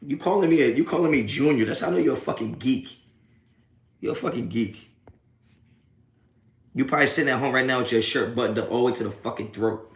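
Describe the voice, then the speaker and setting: A man's voice: mid-range voice, fast talker, pauses often. A young adult man streaming a live post-game reaction, cursing and laughing while mocking trolls in the chat. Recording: echoey room.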